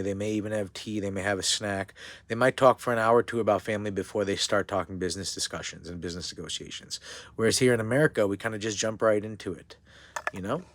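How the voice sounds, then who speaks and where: A man's voice: on the low side, no echo. A man from India giving a casual video lesson as an instructor. He rambles, corrects himself, and keeps checking in with "okay?" and "you know?".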